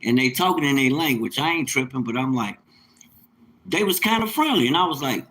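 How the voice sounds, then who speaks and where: A man's voice: mid-range voice, lively intonation, fairly quick, fairly bright tone, poor audio. A man hosting a casual livestream, talking at length in a rambling, emphatic way that turns preachy at times. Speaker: livestream host, mobile mechanic.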